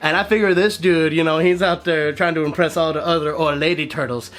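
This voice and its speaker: A man's voice: on the high side, steady tone, brisk, fairly bright tone. A young man and voice actor hosting a casual chatty video in a playful, giggly way. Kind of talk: casual chat.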